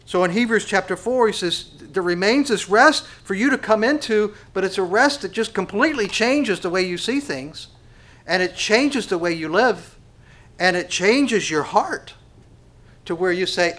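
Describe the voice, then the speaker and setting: A man's voice: sits high, lively intonation, moderate pace, fairly bright tone. A man preaching a sermon as pastor. He asks the congregation rhetorical questions and often stumbles over repeated words.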